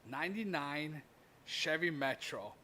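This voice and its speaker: A laid-back man talks casually as a guest on a live show. His voice is bright and forward, with a faint hiss underneath. He pokes fun at himself. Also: fairly high pitch, lively intonation, unhurried. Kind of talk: casual chat.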